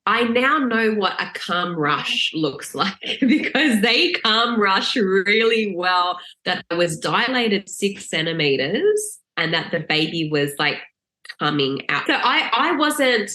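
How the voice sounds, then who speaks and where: Woman, podcast guest, casual storyteller, bright tone, lively, echoey room. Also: mid-range voice, takes it slowly. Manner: lively, laughing, acts out quoted lines in a raised voice.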